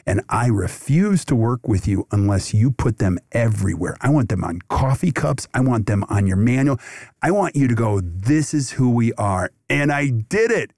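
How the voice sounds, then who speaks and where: A middle-aged man answering interview questions in an animated, talkative way. He keeps jumping into acted-out quotes with lively swings in his voice. The recording is dry and close, with no room sound. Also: mid-range voice, dry recording. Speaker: podcast guest, dental industry consultant.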